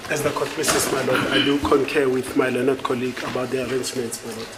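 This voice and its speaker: A man's voice: mid-range voice, flat delivery, brisk. A man speaking as counsel in a courtroom, briefly and deferentially agreeing with the court. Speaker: defense counsel. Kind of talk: formal courtroom address. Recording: distant, noisy courtroom mic.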